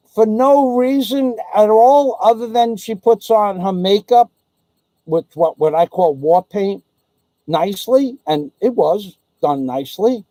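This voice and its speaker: High-pitched guy venting, swears a lot, indignant, no room echo. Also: lively intonation, unhurried, warm tone. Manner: profane, indignant storytelling. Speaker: vlogger. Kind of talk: ranting monologue.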